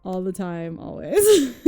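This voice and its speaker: A woman chats to her stream audience in a loose, rambling way, peppering her stories with swearing and laughter. Her voice is smooth and warm, recorded close and dry. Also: mid-range voice, big pitch swings, takes it slowly, no room sound, soft background music. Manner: chatty, rambling storytelling with frequent "like" and swearing; laughs often while telling stories. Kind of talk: casual chat with viewers.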